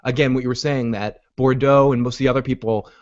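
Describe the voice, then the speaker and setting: A man hosting a casual TV recap chat, talking in an animated way. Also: medium pitch, fast talker. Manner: animated, acts out characters' lines in quotes. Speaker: show host. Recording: muffled lo-fi recording.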